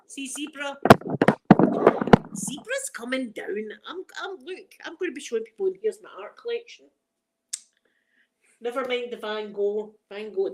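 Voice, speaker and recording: A woman with a Scottish accent, hosting a casual unboxing chat. She is chatty and emotional and stumbles when reading aloud. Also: medium pitch. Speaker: ASMR channel host.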